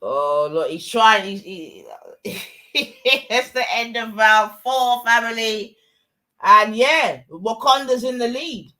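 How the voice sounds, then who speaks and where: A young woman, giving excitable, slang-heavy live commentary on a fight and shouting often. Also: fairly high pitch, slow pace. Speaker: watch-along streamer.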